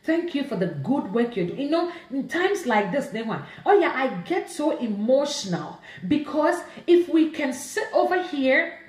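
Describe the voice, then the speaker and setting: Ghanaian lady ranting on a live stream, super expressive pitch, lots of are-you-okay questions. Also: normal speed. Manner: emotional, pleading, many rhetorical questions, mixes in Twi. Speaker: livestream host. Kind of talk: impassioned live-stream rant. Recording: echoey room.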